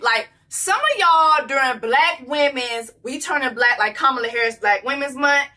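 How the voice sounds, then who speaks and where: A woman's voice: fairly high pitch, sharp tone. An American woman giving casual, blunt and profane reaction commentary on a reality show.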